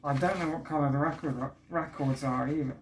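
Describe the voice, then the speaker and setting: A man's voice: on the high side, fairly even intonation, fairly quick. A man hosting a casual vinyl unboxing vlog, chatty and enthusiastic, often trailing off and restarting. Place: indoors at home, street works outside. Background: faint building work noise from outside.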